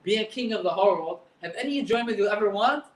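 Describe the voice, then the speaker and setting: A man's voice: high voice, lively intonation, fast talker. A man, a rabbi, teaching a Talmud class, reading Hebrew phrases and explaining them line by line with frequent repeats. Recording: echoey room, voice from a distance.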